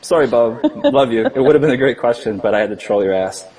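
A man co-hosting a sports podcast, wry and jokey, halting with fillers and restarts. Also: medium pitch, a little mellow. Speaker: podcast co-host. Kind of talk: casual joking chat.

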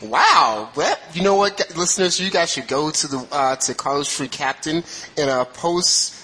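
Bright-voiced hesitant man. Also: fairly high pitch, expressive, moderate pace, breathy edge, rough recording. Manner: hesitant, many fillers, teasing. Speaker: podcast co-host. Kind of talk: casual podcast chat.

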